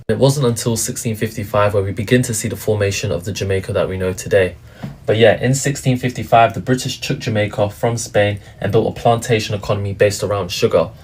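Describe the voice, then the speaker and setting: A man's voice: on the low side, darkish tone. A man narrating a history explainer in a casual way, with frequent "but yeah" fillers. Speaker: commentary narrator.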